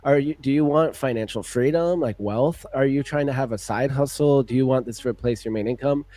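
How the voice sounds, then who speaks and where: A man's voice: medium pitch, a little fast, warm tone. A man co-hosting a live stream, chatting casually in an upbeat way. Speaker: stream co-host. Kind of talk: casual chat.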